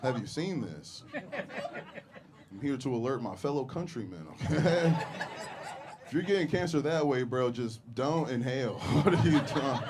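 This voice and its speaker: A young man working a comedy club stage into a handheld mic, speaking at an ordinary mid pitch. His delivery is crude and deadpan, broken by his own chuckles, with a faint hiss of noise behind him. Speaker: stand-up comedian. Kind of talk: stand-up comedy set.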